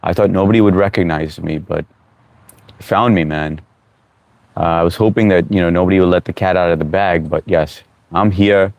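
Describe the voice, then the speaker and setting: Speaking at normal speed in a low-pitched voice, a man runs a casual live stream, welcoming viewers by name and reading their chat messages aloud. He gives laid-back, encouraging advice, and there's no echo.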